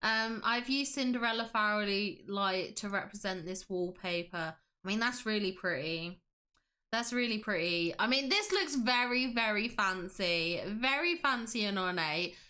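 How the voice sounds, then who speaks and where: A woman's voice: mid-range voice, bright, forceful tone. A woman hosting a casual livestream, gushing with enthusiasm and reading chat aloud. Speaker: livestream host.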